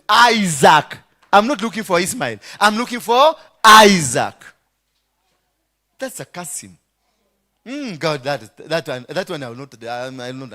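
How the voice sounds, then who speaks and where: A man with a Kenyan accent preaching a sermon, acting out the voices in his story and swinging from hushed words to shouts. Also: a little high. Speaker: pastor.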